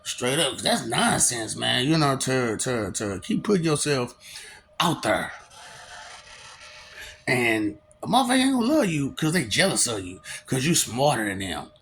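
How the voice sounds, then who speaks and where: A young man with a soft voice, musing in a rambling casual monologue and laughing often as he talks to imagined listeners. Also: mid-range voice, big pitch swings, normal speed, creaky, slight background noise. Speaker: vlogger.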